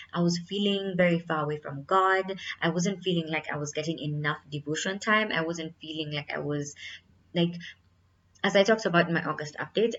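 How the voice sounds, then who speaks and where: Low-voiced young woman, candid vlog. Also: highs cut off. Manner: candid, earnest, many fillers like "like" and "you know". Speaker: vlogger. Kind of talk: casual reflective vlog.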